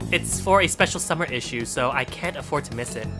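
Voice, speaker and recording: A man's voice: medium pitch, expressive, fairly quick, over music, close to an everyday voice. A man voicing a polite young female student who works as a model, with a Valley Girl accent. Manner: polite, apologetic.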